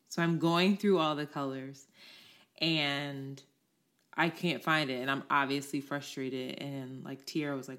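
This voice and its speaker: A young adult woman co-hosting a podcast, telling a personal story in casual chat, candid and quick to swear as she acts out what people said. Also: low voice, steady tone, a bit bright. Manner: candid, swears freely, acts out quoted voices. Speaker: podcast co-host.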